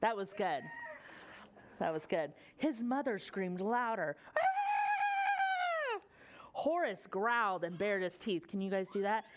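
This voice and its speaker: A young woman, a children's librarian, reading a picture book aloud to preschoolers in an animated sing-song voice and asking them questions. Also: medium pitch, a little slow, background noise.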